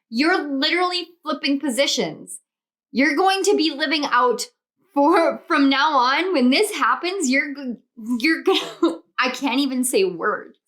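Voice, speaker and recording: Young woman doing a tarot reading, high pitched and super gushy, lots of oh my god energy. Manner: gushing, excitable, spiritual, exclamatory. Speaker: tarot reader. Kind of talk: pick-a-card tarot reading to camera.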